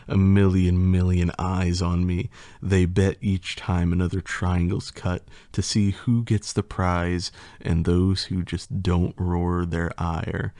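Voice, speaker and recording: A man's voice: low-pitched, mellow, dry recording. A man reading a playful poem for an ASMR video, repeatedly breaking into laughter as he reads. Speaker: ASMR creator.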